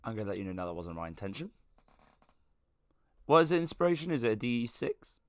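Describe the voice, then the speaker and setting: A man's voice: mid-range voice, big pitch swings, quick pace, no room sound. A man playing in a tabletop game, chatting casually and playfully. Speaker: player.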